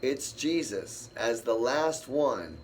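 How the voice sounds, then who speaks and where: A man's voice: medium pitch, animated, slow pace, slight background noise. A man leading a casual Bible study, rambling, thinking aloud and answering the verses he reads. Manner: rambling, thinks aloud and talks back to scripture.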